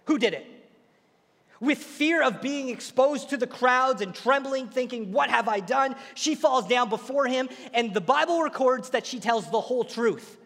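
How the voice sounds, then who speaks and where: A man preaching a sermon, retelling a story with lively, acted-out quotes. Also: very high voice, moderate pace, in a large hall.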